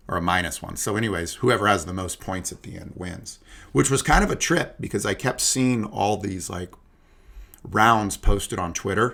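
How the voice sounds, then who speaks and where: Casual male podcast host, young adult, low gravelly voice, rambling chatty delivery. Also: fairly bright tone. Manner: loose, chatty, lots of fillers and asides. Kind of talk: casual golf podcast chat.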